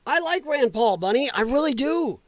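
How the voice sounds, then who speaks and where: A man's voice: very high voice, big pitch swings, moderate pace, dry recording. A man hosting a political livestream, ranting heatedly and swearing freely as he reads the chat. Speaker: livestream host.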